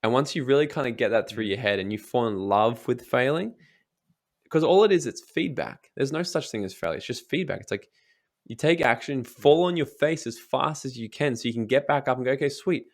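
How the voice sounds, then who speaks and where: A man's voice: mid-range voice, expressive, fairly quick. Emphatic young man giving motivational talk. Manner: emphatic, swears casually, acts out quoted voices. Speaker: guest.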